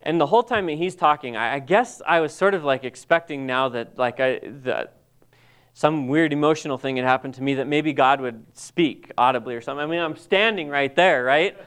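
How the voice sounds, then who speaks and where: Man telling an emotional story, smooth voice. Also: a little high, fairly bright tone. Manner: halting, emotional storytelling with many restarts. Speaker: Bible college staff member. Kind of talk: personal testimony talk.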